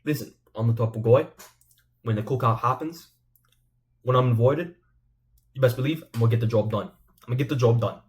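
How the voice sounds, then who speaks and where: A man's voice: mid-range voice, fast, pauses often, close to an everyday voice. A man half-heartedly impersonating a boastful fighter bragging about his cookout recipe, close to his own voice. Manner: boastful, self-assured bragging. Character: impression of a confident male fighter-chef.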